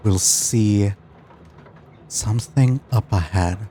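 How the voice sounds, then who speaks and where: A man narrates as game master of an online tabletop game, at an unhurried pace with a somewhat low voice. He trails off and repeats himself while he pins down a description. A faint hiss sits under his voice. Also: warm tone. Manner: halting, restarts while describing, self-deprecating.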